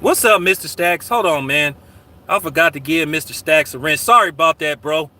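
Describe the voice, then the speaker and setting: A man's voice: on the high side, normal speed, bright, forceful tone. A man hosting his own channel in casual livestream talk, profane and combative. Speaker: channel host.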